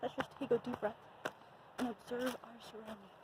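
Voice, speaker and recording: A woman's voice: a little high, steady tone, fairly quick, very noisy. A young woman talking to her camera while hiking on a wooded trail, out of breath, nervous and giggly, trailing off now and then. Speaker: vlogger. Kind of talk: casual chat to camera while walking.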